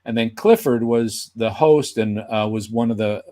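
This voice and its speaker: A man's voice: on the low side, normal speed. A man, a guest puppeteer, telling a casual anecdote and acting out the people he quotes. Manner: animated, acts out quoted voices.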